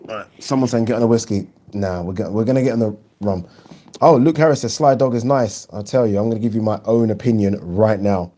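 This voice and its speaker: A man hosting a casual live stream, chatting and reading viewer comments aloud in an animated way. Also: on the low side, brisk. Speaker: boxing channel host.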